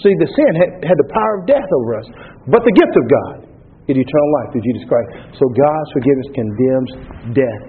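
Husky preacher man on a tinny recording. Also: medium pitch, very animated, a little fast. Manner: storytelling with many restarts, rising to emphatic peaks. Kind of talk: sermon.

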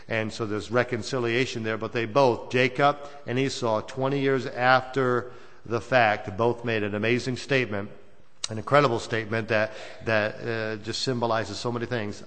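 A man's voice: mid-range voice, steady tone, moderate pace, fairly bright tone. A man preaching a sermon to a church congregation, in a folksy, rambling way that circles back on its phrases. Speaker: Baptist preacher. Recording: long reverb of a church hall.

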